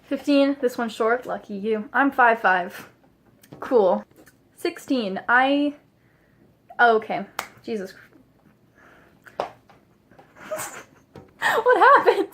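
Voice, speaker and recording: A woman's voice: a little high, extremely slow, long pauses, a little hiss or hum. A young woman rambling through a casual vlog about herself, laughing often and swearing freely. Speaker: vlogger.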